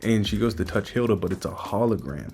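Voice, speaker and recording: A man's voice: fairly low pitch, expressive, fairly quick, darkish tone. A man giving an enthusiastic, speculative casual breakdown of a manga chapter.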